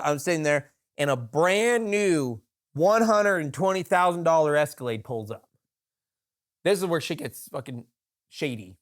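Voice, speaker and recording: Podcast co-host, a man with a high-pitched voice, swears freely and acts out the dialogue as he tells the story. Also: clear, resonant tone. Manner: profane, animated anecdote with quoted dialogue. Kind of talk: casual storytelling.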